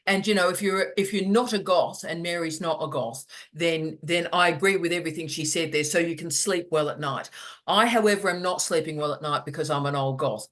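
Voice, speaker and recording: Hosting online office hours in a casual video call, a middle-aged academic speaks a little fast with a medium pitch. The talk is lively and full of jokes, with words repeated for emphasis.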